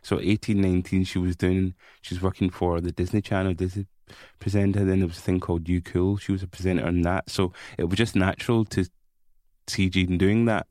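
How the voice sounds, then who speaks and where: A man, a filmmaker guest, chatting casually in an interview and getting animated as he tells stories. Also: sits low, fairly quick, no room sound, studio quality. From Kenya. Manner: animated, repeats words when excited.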